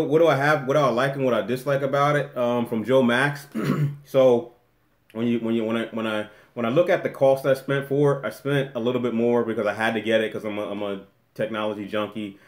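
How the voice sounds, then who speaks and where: A man chats loosely through a live stream at home, trailing off and circling back as he answers questions from the chat. His voice sits in a mid range and bounces around a bare, echoey room. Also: mid-range voice. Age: adult with a daughter. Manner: rambling, restarts often, reads chat aloud. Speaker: vlogger hosting a live Q&A.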